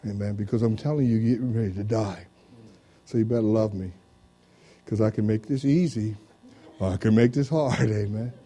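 Mellow-voiced man preaching a sermon. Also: fairly low pitch, normal speed. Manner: interactive preaching, peppered with "amen" and "praise the Lord"; banters with a volunteer from the congregation. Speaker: pastor. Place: church.

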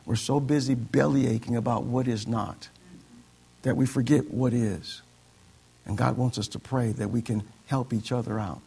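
A man's voice: mid-range voice, fairly even intonation, moderate pace, gravelly, mellow, husky. A male pastor preaching a sermon, quoting scripture and calling for amens from the congregation. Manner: call-and-response preaching, quoting scripture, mocking excuses in voices.

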